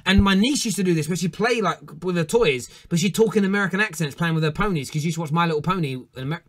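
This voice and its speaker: A man's voice: sits high, slight background noise. A man hosting a fan call-in show, chatting in a playful, nostalgic way. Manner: playful, nostalgic, quick to laugh. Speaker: host.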